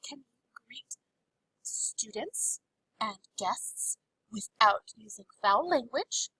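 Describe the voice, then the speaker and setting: A woman's voice: fairly high pitch, animated, takes it slowly, sharp tone, breathy edge, no room sound, far from the mic, heavily acted, low-quality recording. A woman voicing a prim, fussy genteel lady who calls everyone dear and darling.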